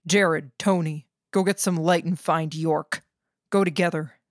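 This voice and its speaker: A woman's voice: low-pitched, steady tone, measured pace, no echo, studio quality. A woman voicing a harsh, impatient male gang boss who gives curt commands.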